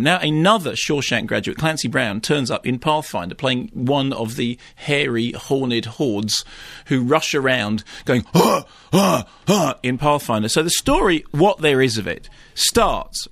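A man reviewing films on the radio in a lively, ranting way, slipping into mock impressions. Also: mid-range voice, dry recording. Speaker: film critic. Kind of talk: radio film review banter. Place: radio studio.

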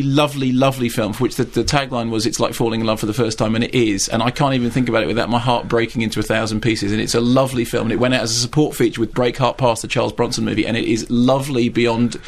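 Animated, emphatic male film critic. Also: medium pitch, quick pace, hardly any pauses. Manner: animated, emphatic and opinionated, repeating words. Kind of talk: radio film review chat. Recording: radio studio.

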